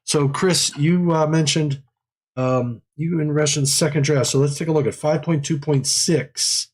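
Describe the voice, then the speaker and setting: A man's voice: a little high, steady tone, a little slow, husky. A man hosting a live technical webinar in a casual way. He rambles, repeats phrases and laughs often. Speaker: livestream host.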